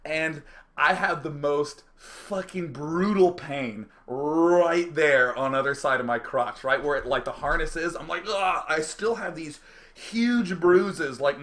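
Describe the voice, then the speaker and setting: Animated, foul-mouthed male storyteller. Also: on the high side. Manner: animated, profane, acts out his own reactions; drops to quiet mutters when reliving the aftermath. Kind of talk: casual anecdote telling.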